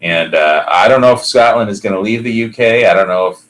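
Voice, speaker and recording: A man with a fairly low voice hosts a casual podcast chat. He rambles through his points with plenty of fillers and restarts, and he laughs often as he talks. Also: a little fast, a bit bright, poor audio. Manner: laughs often while talking. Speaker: podcast host.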